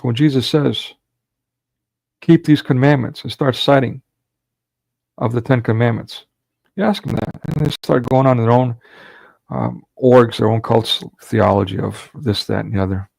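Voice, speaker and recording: A man with a gravelly, creaky voice preaches in a fervent, rhetorical style while hosting a live online watch party. His voice sits at a middle pitch, and the recording is dry and close, with no room sound. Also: a little slow, darkish tone, dry recording. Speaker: livestream host. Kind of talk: preaching livestream talk.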